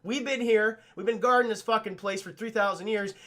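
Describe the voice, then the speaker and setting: An angry desert guardian warrior who scolds and curses, as a man puts him on. The voice is high, bright and forceful. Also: steady tone, brisk.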